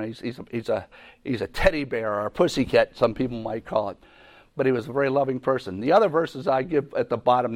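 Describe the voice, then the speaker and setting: A man teaching a Bible lesson in a conversational way, often repeating himself and restarting sentences. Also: medium pitch. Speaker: preacher.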